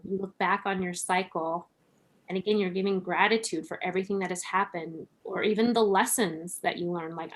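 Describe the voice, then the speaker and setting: In a laid-back podcast conversation, a female guest speaks thoughtfully in a mid-range voice, often breaking into laughter and relying heavily on "like" and "right?"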